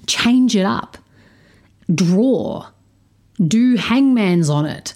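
A woman's voice: mid-range voice, animated, drawn-out words, pauses often, warm tone. A woman hosting a solo podcast, talking frankly and emphatically about parenting, with plenty of swearing. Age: adult stepparent. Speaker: podcast host.

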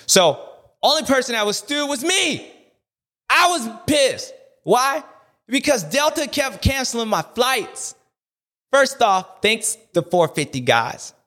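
A man's voice: extremely high pitch, takes it slowly. A man hosting a race recap show, talking in a loose, slangy, joking rant that rambles from one aside to the next. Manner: animated, rambling, slangy, jokey. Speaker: show host.

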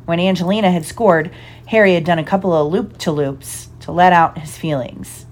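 A woman giving a lively, expressive storybook narration. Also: on the low side, normal speed. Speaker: audiobook reader.

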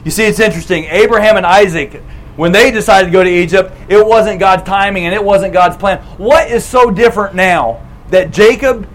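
High-voiced man preaching in casual storytelling. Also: poor audio. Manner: animated, casual retelling with quick acted quotes. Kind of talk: storytelling sermon.

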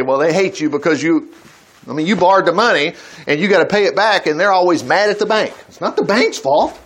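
Animated high-voiced man teaching Bible. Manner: animated, reads scripture aloud and acts out the characters' lines; chuckles and breaks off to comment mid-reading.

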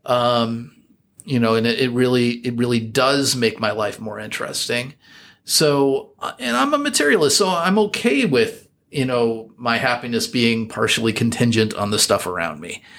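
A man's voice: mid-range voice, expressive, moderate pace, a bit bright. A middle-aged man with an American accent, chatting reflectively as an interview guest, full of fillers and restarts. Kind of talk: casual interview chat.

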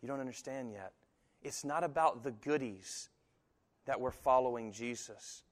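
A man's voice: medium pitch, normal speed. Man preaching in a reverberant hall. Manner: animated storytelling, puts on other voices in quotes. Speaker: pastor. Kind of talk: sermon.

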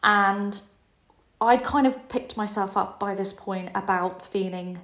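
Speaking slowly in a mid-range, fairly bright voice, a podcast host in her forties shares a personal story. She's candid, emotional and confessional, and the audio carries a roomy echo.

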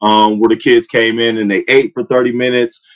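A man, telling a personal faith story in casual conversation, acting out quotes with a rising voice. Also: normal speed. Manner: animated storytelling, acts out quotes with rising pitch. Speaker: youth football coach and sports training founder. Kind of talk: casual testimony in a podcast chat.

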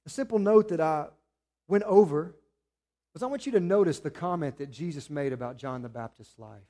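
Male pastor, higher voice, sermon with rising emphasis and quiet asides. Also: animated, fairly quick. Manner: preaching with rising emphasis, then dropping to quiet appeals.

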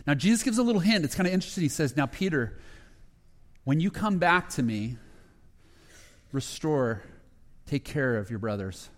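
Male pastor, slightly higher voice, storytelling sermon with hushed dramatic asides, big reverberant church hall. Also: animated, moderate pace, pauses often. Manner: retells scripture with quoted dialogue, dropping to a hushed voice at emotional moments.

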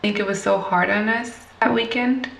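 An interview guest talks candidly about her past in a gravelly, medium-pitched, slightly bright voice with a touch of vocal fry and fairly even intonation, at normal speed. She sits back from a distant mic in an echoey room with a faint ambient hum. Reflective in this conversational storytelling, she laughs lightly at hard memories.

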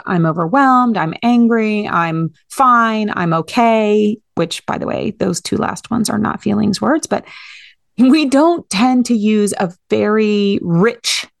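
A woman's voice: medium pitch, vocal fry, dry recording, studio quality. A woman hosting a podcast, giving earnest, direct parenting advice in a coaching tone. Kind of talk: advice monologue.

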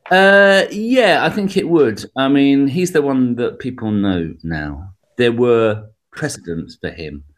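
A man being interviewed as a guest comedian and musician, talking in a rambling, animated way with many restarts. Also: mid-range voice, slow pace, few pauses. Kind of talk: radio interview conversation.

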